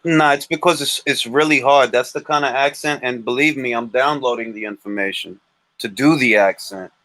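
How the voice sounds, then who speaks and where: A man hosting a livestream, talking boxing in an animated, joking and blunt way. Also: medium pitch, normal speed, no room sound. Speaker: livestream host. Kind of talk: casual boxing chat.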